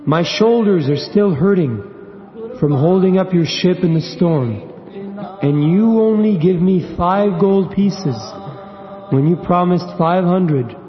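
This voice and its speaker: A man voicing a calm, forgiving older holy teacher who speaks slowly and gently, in a lo-fi recording. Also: sits high, faint music behind. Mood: reproachful. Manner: slow, gentle, reassuring.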